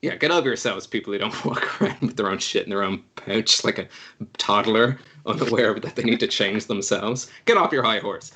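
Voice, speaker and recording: A man's voice: fairly low pitch, a little fast, sharp tone, a little hiss or hum. Male game master, loose chatty narration, joking and stumbling over his words. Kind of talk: casual tabletop game narration.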